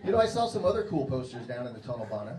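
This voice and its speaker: American male stand-up comic, crude chatty delivery, animated; echoey club with loud crowd. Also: medium pitch, rapid-fire, recorded from a distance. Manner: crude, conversational, laughing at own jokes. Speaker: stand-up comedian. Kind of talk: stand-up comedy set. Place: comedy club, indoors.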